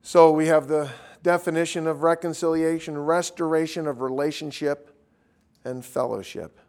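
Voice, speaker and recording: A man's voice: a little high, steady tone, normal speed, a little mellow. A man teaching a Bible study class in a blunt, informal way, often restarting his sentences. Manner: blunt, informal, self-interrupting.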